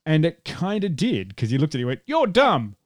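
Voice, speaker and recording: A man's voice: on the high side, sing-song, quick pace, mellow, no echo, studio quality. A man hosting a podcast in casual chat, rambling and joking, often laughing. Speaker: podcast host.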